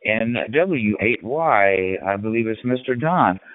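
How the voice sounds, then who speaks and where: A man in his sixties from Illinois, with a slight Southern twang, chats casually on a ham radio net in a rambling, folksy way full of fillers. His voice is lowish, animated, and slow, with no room sound, heard through a tinny radio transmission.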